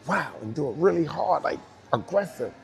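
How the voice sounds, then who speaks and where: A man's voice: fairly high pitch, expressive, normal speed, creaky, faint music behind. A man with a New York accent telling a story in an interview, acting out voices and sounds, swearing and laughing as he goes. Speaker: guest, dancer. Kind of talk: animated storytelling.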